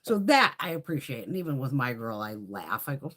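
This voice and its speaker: A woman's voice: a bass voice, big pitch swings, a little fast, fairly bright tone. A woman from the United States hosting a makeup livestream, chatting casually with viewers, blunt and laughing often, with heavy swearing. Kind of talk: casual livestream chat reading viewer comments.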